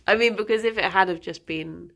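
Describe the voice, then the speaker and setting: A woman chatting casually on a live stream, halting with fillers and breaking off to baby-talk to her pet. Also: medium pitch, vocal fry, a bit bright.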